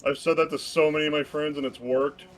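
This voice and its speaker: A man's voice: fairly high pitch, level tone, quick pace, slight background noise. A man chatting casually, making short joking quips and swearing now and then. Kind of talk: casual chat.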